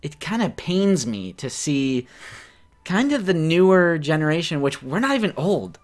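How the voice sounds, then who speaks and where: A man in his late twenties co-hosting a casual collector podcast, talking in an animated, joking way. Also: fairly high pitch, normal speed. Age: 20s. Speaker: podcast co-host. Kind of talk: casual chat.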